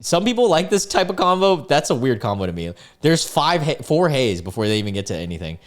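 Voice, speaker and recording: Young adult male host, casual reaction commentary, mid pitch, very animated intonation, incredulous. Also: a little fast. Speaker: host reading online dating chats.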